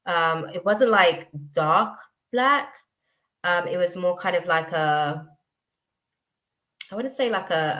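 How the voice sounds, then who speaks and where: A woman's voice: low-pitched, fairly bright tone. A woman giving a live tarot reading, hesitant and chatty, with many fillers as she searches for words. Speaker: tarot reader.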